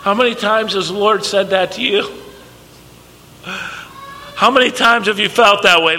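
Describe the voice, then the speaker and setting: A man's voice: sits high, a little slow, pauses often, bright, forceful tone. A man preaching a sermon, emphatic, acting out quoted lines from scripture. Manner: emphatic, acts out quoted dialogue. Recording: long reverb, faint background noise.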